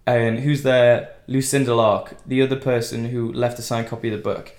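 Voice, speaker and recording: Man, animated recap, roomy sound. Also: mid-range voice, moderate pace. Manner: animated retelling, acting out characters' lines. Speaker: podcast co-host recapping a TV episode. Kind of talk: casual chat. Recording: roomy echo.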